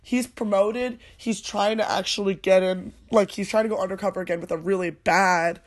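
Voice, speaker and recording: A woman's voice: medium pitch, fairly even intonation, moderate pace. A woman co-hosting a podcast, talking casually about a movie in a rambling way, full of "like" and laughter. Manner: rambling, lots of fillers like "like", giggly. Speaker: podcast co-host.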